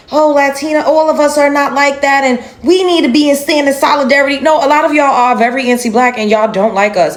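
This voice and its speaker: A woman giving an emphatic, indignant reaction commentary on a video clip, with exasperated sighs. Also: fairly high pitch.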